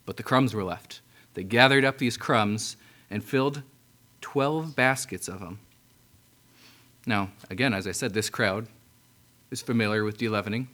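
A man preaching, reading scripture verse by verse and explaining it in a conversational way, with frequent throat-clearing. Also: mid-range voice, a bit bright.

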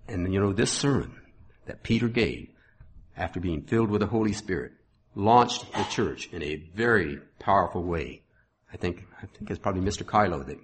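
A man's voice: sits low, husky. Folksy man preaching a sermon. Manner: folksy asides between scripture readings, rising loud when reading.

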